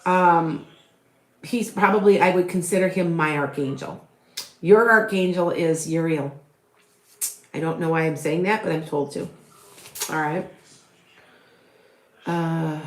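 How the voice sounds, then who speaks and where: Chatty middle-aged woman in echoey room. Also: low voice. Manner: rambling, chatty, many fillers and restarts. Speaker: tarot reader and psychic medium. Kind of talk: live tarot reading with viewer questions.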